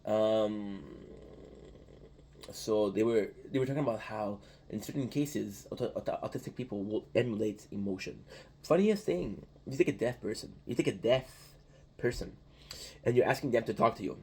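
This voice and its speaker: Husky, mellow man. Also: lowish voice, moderate pace. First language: French. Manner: repeats "right?" after most points, restarts often. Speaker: channel host. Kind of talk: casual rambling monologue.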